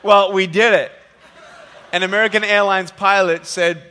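A man speaking from a stage in a large hall, telling funny stories in an animated sermon. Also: sits high, moderate pace, clear, resonant tone. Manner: animated, jokey, acts out quotes. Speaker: motivational speaker. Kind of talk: humorous sermon storytelling. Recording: long hall reverb.

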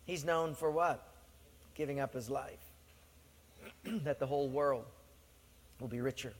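A man's voice: medium pitch, a little slow. A man preaching a sermon, telling the story with animation and acting out the voices of its people. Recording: long hall reverb.

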